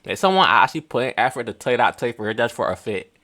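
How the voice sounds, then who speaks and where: A man's voice: mid-range voice, very animated, quick pace, pushed and bright. A young man hosting a reaction video, mocking and blunt in casual commentary, often laughing at what he watches.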